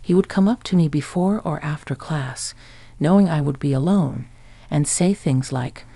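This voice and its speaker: A man narrating a first-person story in an even storytelling voice, quoting others in the same voice. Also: fairly high pitch, moderate pace, vocal fry, no echo.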